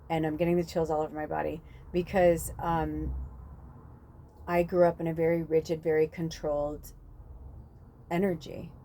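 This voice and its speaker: A woman's voice: sits low, gravelly, mellow, a little hiss or hum. A woman hosting a spiritual podcast, talking in a casual, rambling monologue full of fillers and the odd swear word.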